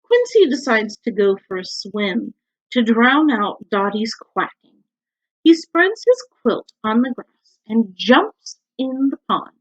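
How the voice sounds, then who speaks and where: A woman teacher reading a picture book aloud to young children at home, stopping to ask them questions. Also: fairly high pitch. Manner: slow, animated, asks the children questions. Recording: dull lo-fi recording.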